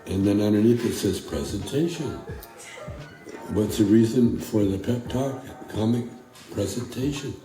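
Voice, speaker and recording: A man's voice: fairly low pitch, unhurried. Laid back guy rambling w lots of uh's, played through a roomy space with music. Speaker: actor reading a paid video message. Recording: echoey room with music.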